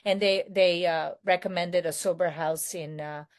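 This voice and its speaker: A woman's voice: lowish voice, steady tone, normal speed. A woman with a non-American accent, raised in New York City, giving a candid personal share at a recovery meeting, rambling and correcting herself with many fillers.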